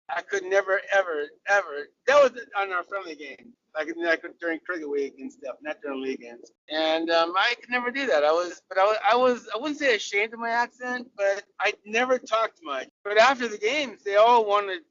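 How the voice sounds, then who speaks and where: A man's voice: sits high, normal speed, bright, forceful tone. An older man with an American accent, from Southern California, chatting as an interview guest with restarts and laughs. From Southern California, USA. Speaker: guest, former cricketer. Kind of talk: casual interview storytelling. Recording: dull sound, voice far from the mic.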